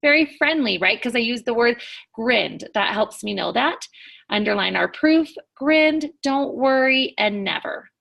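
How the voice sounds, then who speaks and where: A woman teacher recording a lesson, talking clearly and stressing words as she reads examples aloud. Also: a little high, animated, unhurried, fairly bright tone.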